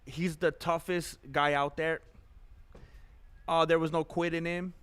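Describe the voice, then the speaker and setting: A male fighter answering questions in a post-fight interview, measured and matter-of-fact. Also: on the high side, flat delivery, a bit bright, clear, resonant tone.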